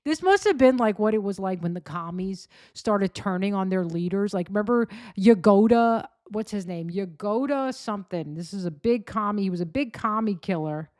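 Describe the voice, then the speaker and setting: A woman's voice: medium pitch, lively intonation, normal speed, hardly any pauses, darkish tone, dry recording, studio quality. A woman hosting a commentary show, talking in a sarcastic, rambling, mocking way. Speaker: podcast host. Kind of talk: casual commentary.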